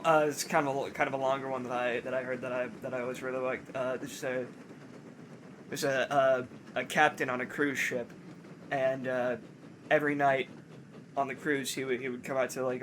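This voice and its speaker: A man's voice: medium pitch, level tone, fairly bright tone, a little hiss or hum. Rambling man telling a long joke. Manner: rambling, halting storytelling with many restarts. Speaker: let's play co-host. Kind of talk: casual joke-telling while gaming.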